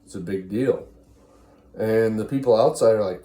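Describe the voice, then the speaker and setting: Mellow-voiced man rambling through a crude retelling. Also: lowish voice, moderate pace, long pauses, echoey room. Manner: rambling and crude, chewing gum while talking. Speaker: storyteller. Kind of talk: comedic retelling of a classic play.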